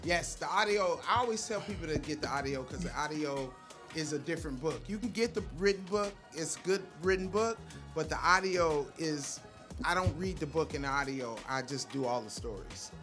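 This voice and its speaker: A woman comedian being interviewed, who tells animated, profane stories and acts out the voices of other people. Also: sits low, normal speed, faint music behind. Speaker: comedian, guest. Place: festival content studio.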